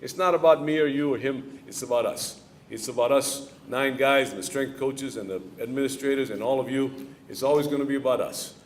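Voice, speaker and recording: A man's voice: mid-range voice, brisk. Man, head coach, middle-aged, audience Q&A, plainspoken, repeats key lines, faint background hiss. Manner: plainspoken, coaching-talk rhythm. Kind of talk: audience Q&A at a club luncheon. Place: event hall before a live audience.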